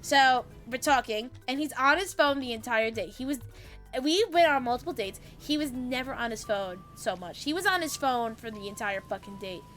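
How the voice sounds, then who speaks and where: A young woman streamer telling a story in casual chat, animated, swearing freely and laughing as she goes. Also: on the high side, moderate pace, faint music behind.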